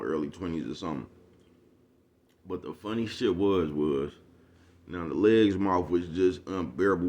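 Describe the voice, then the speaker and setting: A man ranting casually to his viewers in street slang, profane and preachy, forever asking if they know what he's talking about. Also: sits low. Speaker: vlogger. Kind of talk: casual rant to the camera.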